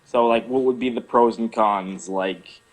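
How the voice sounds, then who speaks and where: A man's voice: mid-range voice, fairly even intonation, poor audio. A young man on a call line stumbles through his words, hesitant and full of fillers. A faint hiss sits under his voice. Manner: hesitant, halting, many fillers. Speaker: caller. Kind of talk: casual podcast call. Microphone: video call.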